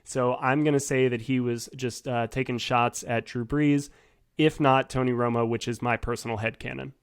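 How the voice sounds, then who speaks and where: Thoughtful mid-pitched guest man. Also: fairly even intonation, moderate pace, smooth. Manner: thoughtful, hedging analysis with restarts. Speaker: podcast guest, sports writer. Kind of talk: casual sports podcast chat.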